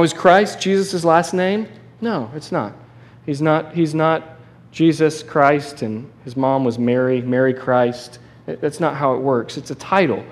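A man preaching a sermon in a conversational, animated way, with restarts and asides. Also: fairly high pitch. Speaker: pastor.

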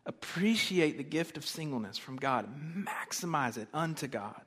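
A man preaching a sermon as pastor, conversational, swinging between loud emphasis and soft, quiet asides. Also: on the high side, animated, moderate pace, hardly any pauses, husky.

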